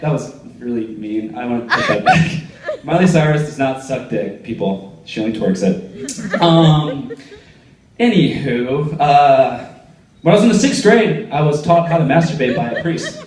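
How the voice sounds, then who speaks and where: A man's voice: mid-range voice, measured pace, heavy background noise. A young man doing a stand-up comedy set, telling stories and acting out the people in them. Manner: animated storytelling, acting out quoted voices. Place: comedy theater stage. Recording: echoey theater from a distance, crowd laughter.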